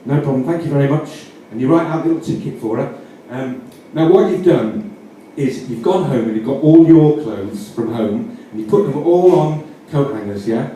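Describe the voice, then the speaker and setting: A male comedian from Yorkshire, mid-range and warm-toned, talks expressively at a moderate pace with few pauses. He rambles through mock-earnest comic instructions, often correcting himself mid-sentence, captured on a distant mic with roomy echo and faint noise.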